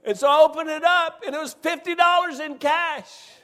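In a church sanctuary with hall reverb, a man preaches a sermon built around a personal story, told folksily and emphatically with frequent restarts. His voice is extremely high and sharp, steady in tone, and he talks at a normal speed.

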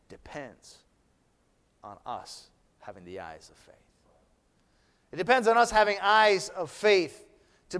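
A man preaching a sermon as pastor, drawing out phrases that trail off softly. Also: high voice, smooth, long reverb tail. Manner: preaching cadence, drawn-out phrases trailing off soft. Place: church.

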